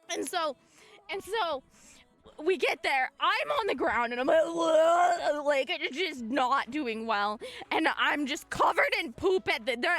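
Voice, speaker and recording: A woman streamer telling a long story to her chat in an excitable way, breaking into shrieks and laughter. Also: very high voice.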